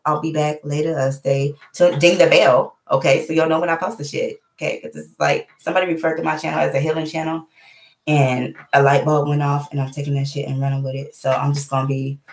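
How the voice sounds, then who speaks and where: A woman hosting her own channel, giving blunt, profane life advice in a casual, animated livestream. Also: low-pitched. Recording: echoey room.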